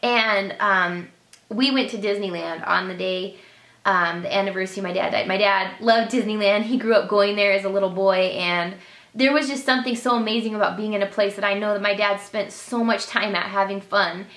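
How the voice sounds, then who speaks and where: Her mid-range voice is steady and fairly bright, moving at normal speed, as this beauty vlogger shares a heartfelt personal talk to camera. She comes across as earnest, emotional and sincere, and the room she's in is echoey.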